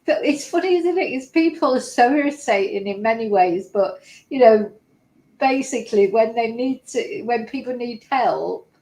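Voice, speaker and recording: Lady vlogging live, emotional and exclaiming, higher voice, echoey room. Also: expressive, moderate pace, dark tone. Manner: emotional, exclaiming, tearful at moments. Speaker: YouTuber reacting to videos. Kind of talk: live casual commentary to viewers.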